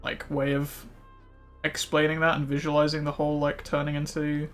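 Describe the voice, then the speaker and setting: Streamer, male, casual rambling chat, slightly high voice, faint music underneath. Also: completely flat delivery, moderate pace, fairly bright tone. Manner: rambling, many fillers like "like". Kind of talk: casual chat while gaming.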